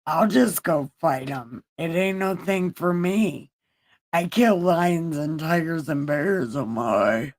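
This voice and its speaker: Cocky young shepherd hero, all swagger and curse words, dismissing a giant as nothing, talking slowly and laying it on thick, spoken by a woman in her everyday voice. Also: low-pitched, expressive, a little mellow, exaggerated voice. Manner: brash, slangy, profane bravado.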